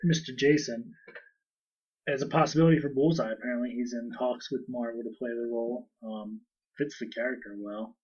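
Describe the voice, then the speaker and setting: A man co-hosts a casual podcast, talking easily with a slightly husky voice. He sits a little away from the microphone. The sound is dull and lo-fi. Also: medium pitch, quick pace. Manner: chatty, animated, breaks into goofy voices. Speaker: podcast co-host. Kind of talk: casual chat. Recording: distant, dull lo-fi mic.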